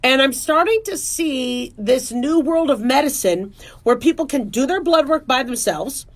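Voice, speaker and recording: High-voiced, chatty woman doctor. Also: animated, unhurried. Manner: chatty, playful, jumps into voices. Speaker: family medicine doctor and show host. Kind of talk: casual talk monologue.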